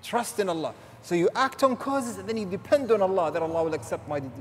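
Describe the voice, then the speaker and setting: A male preacher giving a lecture on the Quran in a mosque, animated, mixing Arabic phrases and recitation into his English. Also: high voice, fast talker, a little hiss or hum. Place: large mosque hall. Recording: long hall reverb.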